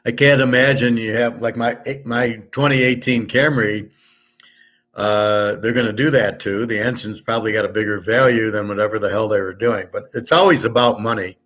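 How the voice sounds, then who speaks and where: A man hosting a casual livestream, talking loud and clear on purpose, blunt and opinionated, rambling from one point to the next. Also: on the low side, fairly even intonation, normal speed. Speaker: sports handicapping show host. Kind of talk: casual livestream chat with viewers.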